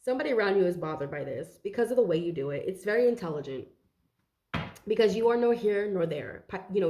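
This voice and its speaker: A woman's voice: on the low side, dark tone, slight background noise. A young woman giving a casual, rambling tarot reading, out of breath and swearing now and then. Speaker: tarot reader.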